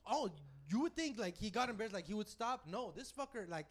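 Male podcast co-host, high voice, loose and animated, swears a lot, laughs through his stories. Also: brisk. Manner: animated, profane, laughing storyteller. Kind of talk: casual storytelling.

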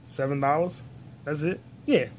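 Man, solo podcast host, rambling, profane, slightly high voice, faint hiss, phone recording. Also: normal speed. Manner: rambling, profane, talks to himself.

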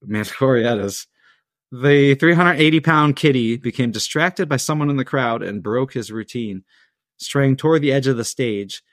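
A man's voice: medium pitch, moderate pace, dry recording, studio quality. A man hosting a podcast, reading a story from a script in a laid-back way with casual asides. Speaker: podcast host.

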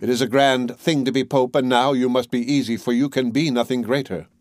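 A man's voice: mid-range voice, fairly even intonation, fairly quick, dry recording, clean studio sound, close to an everyday voice. A man reading the part of a timid, humble fisherman who speaks in a fearful, pleading way.

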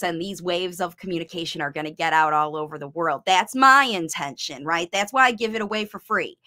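Bright, high-voiced excitable woman. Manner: emotional, excitable, gets teary. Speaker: channel host, speech coach for parents. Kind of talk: casual talk answering viewer comments.

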